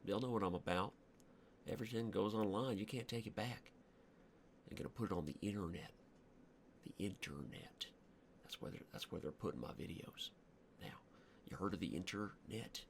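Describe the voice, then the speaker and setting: A man with a lowish voice, joking his way through live chess commentary. He rambles playfully between moves as he streams. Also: lively intonation, normal speed, creaky, a little hiss or hum.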